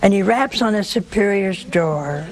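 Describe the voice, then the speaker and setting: A woman's voice: medium pitch, a little slow, over a noisy crowd, low-quality recording. Woman preacher telling a story with a sore throat. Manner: lively, animated storytelling with humor. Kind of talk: sermon storytelling.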